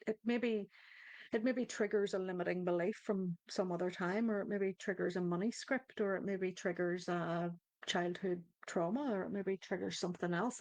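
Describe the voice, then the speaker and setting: In this live group coaching stream, the host is a woman with a mid-range, darkish voice who chats casually, starts sentences over, and addresses viewers commenting in the chat. There's no room sound.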